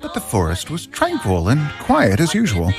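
A man narrating a children's story in an animated storytelling manner. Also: on the high side, normal speed, faint music behind.

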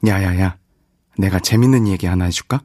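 A man's voice: low-pitched, racing, a little mellow, no room sound, studio quality. A young man playing an eager, pushy guy who is pleased with himself for telling corny puns in a scripted lesson dialogue. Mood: playful boasting.

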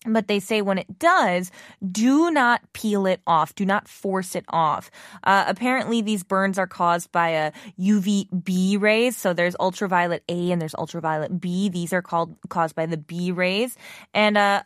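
A woman's voice: mid-range voice, no room sound, clean studio sound. Chatty woman hosting a language lesson. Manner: chatty, upbeat, explains with filler words. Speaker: Korean language teacher and show host. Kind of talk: casual spoken lesson.

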